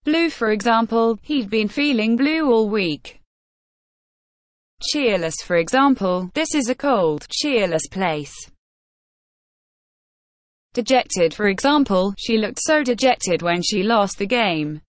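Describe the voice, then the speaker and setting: Woman, vocabulary lesson, slow measured reading, word by word, dry close sound. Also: on the high side, lively intonation, no room sound. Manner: measured, evenly paced, one word at a time. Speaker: vocabulary instructor.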